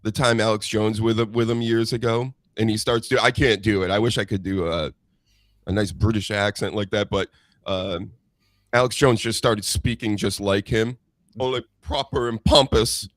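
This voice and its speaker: A man's voice: lowish voice, fairly even intonation, no room sound. A man hosting a casual podcast chat, talking in a rambling, easygoing way. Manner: rambling, chatty, drawn-out storytelling.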